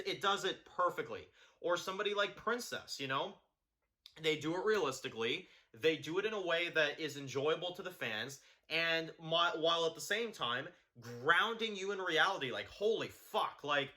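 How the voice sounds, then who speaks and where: A man's voice: a little high, bright, forceful tone. A man giving a blunt, profane, heated video review of a TV show.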